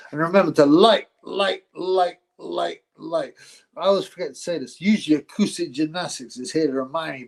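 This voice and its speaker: A man's voice: mid-range voice, darkish tone, poor audio. A man hosting a live boxing stream, chatting casually, rambling, laughing often and thanking his viewers.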